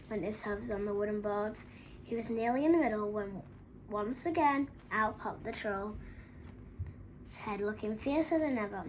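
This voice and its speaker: A woman reading a children's storybook aloud in an expressive, dramatic way. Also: mid-range voice, normal speed, a little hiss or hum.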